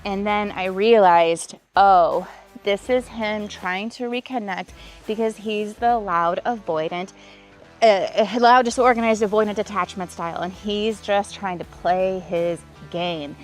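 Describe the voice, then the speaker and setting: A woman's voice: mid-range voice, unhurried, soft background music. A woman vlogging as a relationship coach, telling a personal breakup story and explaining attachment patterns, acting out quoted exchanges with emphatic lists. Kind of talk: personal vlog storytelling with advice.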